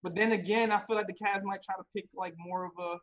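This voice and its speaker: Excitable high-voiced man in sports chat. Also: quick pace, slight background noise, poor audio. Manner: excitable, says "yo" and "I'm sold". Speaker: podcast co-host.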